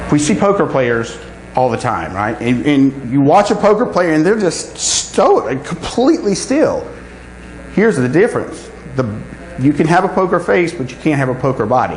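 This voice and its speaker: A man giving a live talk to a conference audience, animated and often checking in with "right?". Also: mid-range voice. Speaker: conference speaker. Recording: echoey room with faint hum.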